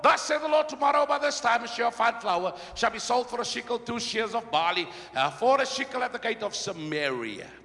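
High-voiced shouting preacher in a reverberant hall. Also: male voice, expressive, a little fast, gravelly, few pauses. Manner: call-and-response preaching, shouting and repeating refrains. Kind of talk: sermon.

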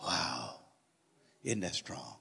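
A man preaching a sermon in a church, emphatic, swinging between loud calls and hushed low phrases. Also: sing-song, extremely slow, gravelly, breathy edge, long reverb tail. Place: church sanctuary.

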